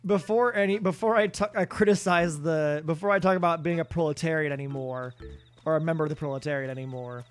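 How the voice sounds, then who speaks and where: A man's voice: a little high, fast talker, soft background music. Rambling man streaming a game. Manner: rambling, self-deprecating, answers chat. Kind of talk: casual live-stream chat while gaming.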